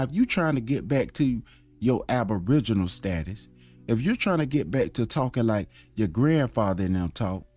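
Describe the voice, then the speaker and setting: A man's voice: medium pitch, a little mellow. A man from Florida with a Southern US accent, teaching religion in a rambling, conversational way and calling his listeners family. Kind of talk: casual online teaching.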